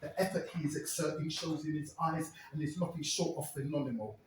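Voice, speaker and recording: A man's voice: a little high, fairly quick, recorded from a distance. Man doing a sweary one-man show, echoey club, mic a way off, faint room hum. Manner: crude, sweary, wry. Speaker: storyteller. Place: stage at a live club.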